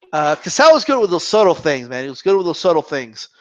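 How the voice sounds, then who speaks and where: A man's voice: a little high, sing-song, a little fast, muffled recording. A man hosting a live boxing talk stream, ranting with profanity and mocking mimicry. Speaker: boxing channel host. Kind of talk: live Q&A rant.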